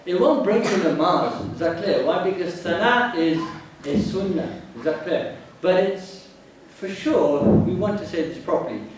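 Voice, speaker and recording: A high-pitched man leads a prayer class, repeating phrases and checking that his students follow. He sounds far from the mic, and his voice rings through a very echoey hall with faint noise behind it. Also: expressive, moderate pace. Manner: drills pronunciation, asks the class to check understanding. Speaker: prayer teacher. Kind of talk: religious class teaching. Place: mosque hall.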